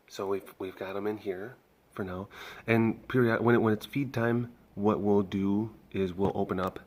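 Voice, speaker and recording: Low-voiced man rambling casually. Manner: rambling, many restarts and fillers. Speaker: animal sanctuary caretaker. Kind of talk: casual vlog talk.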